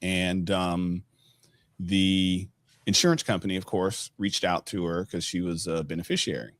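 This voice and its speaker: A man who works as a financial advisor, chatting casually on a podcast and telling stories with lively acted-out quotes. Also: deep voice, unhurried. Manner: lively storyteller who acts out the people he quotes.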